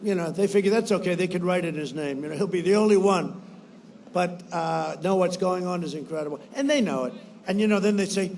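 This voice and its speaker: A man giving a rambling, boastful campaign rally speech, repeating phrases, shouting at times and mimicking others in quotes. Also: high-pitched, a little fast, a little hiss or hum. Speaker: politician addressing supporters.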